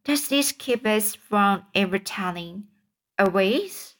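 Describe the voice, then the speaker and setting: A woman's voice: medium pitch, animated, takes it slowly, a bit bright. A woman voicing Huck, a timid, superstitious boy whispering in fear in a storybook reading. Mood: fearful. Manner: fearful whispering.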